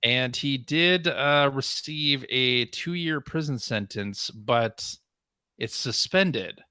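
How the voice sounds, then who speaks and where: A man with a mid-range voice hosts a casual gaming podcast, talking loosely and laughing easily. The sound is dry and close. He moves through the news in an unhurried, chatty way. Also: medium pitch, bright, forceful tone, smooth, dry recording. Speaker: podcast host. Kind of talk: casual chat.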